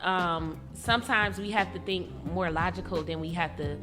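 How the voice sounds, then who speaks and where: A woman's voice: fairly low pitch, normal speed. A woman guest giving her frank opinions in casual talk-show chat, often trailing off and restarting her sentences. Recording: reverberant room with music behind.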